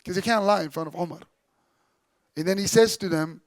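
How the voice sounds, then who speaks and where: A man delivers an animated sermon-style story in a fairly high voice. He swings between loud bursts and quiet, low stretches when he quotes people. The sound is dry and close, with no room echo. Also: a little fast. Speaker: Islamic lecturer. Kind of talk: storytelling religious talk.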